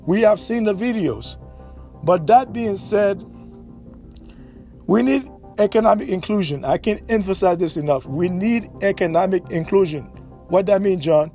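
Emphatic high-voiced man on a podcast. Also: a little mellow. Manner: emphatic, repeats key phrases for stress. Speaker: podcast host. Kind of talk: impassioned political commentary.

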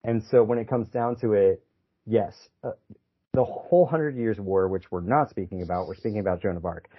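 A man's voice: on the low side, normal speed, husky, muffled recording. A man co-hosting a podcast, chatting casually in a rambling, joking way and often slipping into goofy put-on voices. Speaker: podcast co-host. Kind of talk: casual chat.

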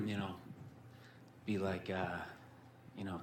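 A man's voice: low-pitched, lively intonation, unhurried, background noise. A man doing stand-up storytelling, rambling with constant filler words and swearing, on a comedy club stage. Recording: echoey room with faint ambience.

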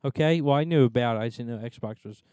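Young man, podcast co-host, teasing, excitable, mellow smooth voice, dry close sound. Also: mid-range voice, fast, no room sound. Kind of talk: casual banter.

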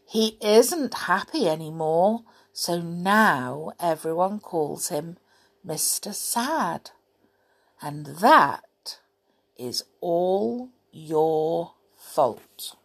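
A woman's voice: on the low side, lively intonation, extremely slow, breathy edge, full character voice. A woman voicing a bossy little girl character who speaks firmly and reproachfully. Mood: stern. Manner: firm and reproachful.

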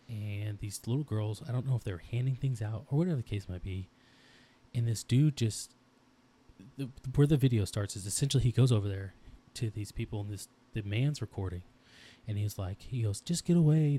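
A man's voice: fairly low pitch, warm tone. A man in his thirties co-hosting a casual podcast, talking intensely about his daughters with frequent restarts. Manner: rambling, intense, restarts often. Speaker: podcast co-host.

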